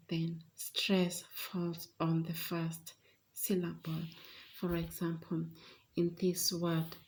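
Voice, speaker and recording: Female teacher, lowish voice, very slow and deliberate delivery, lesson style. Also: darkish tone. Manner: deliberate, measured, with frequent uh fillers. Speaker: English pronunciation teacher.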